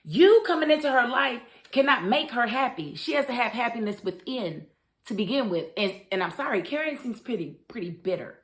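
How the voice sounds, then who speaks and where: A woman's voice: fairly high pitch, lively intonation, fairly quick. A young adult woman, reviewing a TV drama in a casual, opinionated way and talking straight to the characters. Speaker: TV show reviewer. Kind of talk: casual chat.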